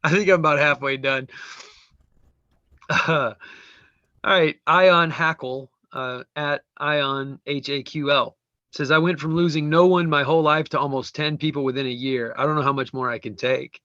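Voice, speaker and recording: A man's voice: fairly high pitch, steady tone, moderate pace, bright, forceful tone, no room sound. A man co-hosting a casual show, describing pictures and reading their captions aloud, often giggling. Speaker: co-host. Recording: dull lo-fi call audio, dry.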